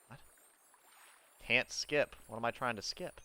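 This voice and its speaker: A man streaming a video game live, ranting and excitable in casual commentary, swearing freely at the game and chatting to his viewers. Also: mid-range voice, measured pace, gravelly. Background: game music.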